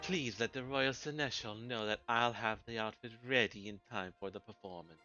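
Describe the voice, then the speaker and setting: A theatrical male fashion designer from a fantasy game, grand and drawling, as a man puts him on. The voice is bright and forceful. It is recorded lo-fi and dull, with game music playing softly underneath. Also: on the low side, normal speed, pitched above the performer's own voice. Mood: flamboyant. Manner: grand, drawling, says darling.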